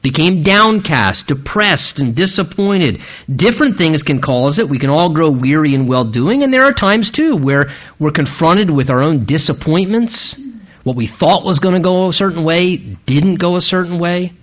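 A man's voice: on the high side, expressive, moderate pace, a bit bright. A man preaching an expository sermon, retelling the story dramatically and asking the listeners rhetorical questions.

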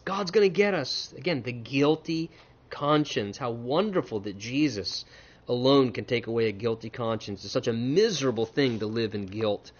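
Animated male preacher, muffled lo-fi sound. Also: medium pitch, normal speed. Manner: animated, acts out the characters' voices. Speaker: pastor. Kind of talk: expository sermon. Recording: muffled lo-fi recording.

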